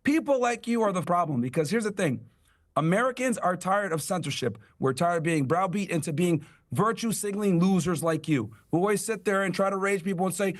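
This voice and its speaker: A man's voice: sits high, animated, fairly quick. A young man in a combative debate, blunt and mocking, sneering as he quotes his opponent. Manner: blunt, mocking, sarcastic quoting. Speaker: debate guest.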